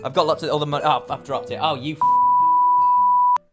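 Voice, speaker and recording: A man's voice: a little high, fairly even intonation, moderate pace, loud music behind the voice, voice pushed up, lightly acted. A man voicing a cocky young prankster who brags and pushes people to laugh at his jokes. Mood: smarmy. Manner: boastful, pushy, laughs at own jokes. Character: cocky bragging male prankster, young adult.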